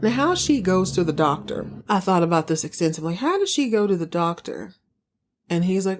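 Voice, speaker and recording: A woman casually recapping a TV drama as a podcast host, chatty and animated, with asides. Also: on the low side, brisk. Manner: chatty, animated retelling with acted quotes and asides.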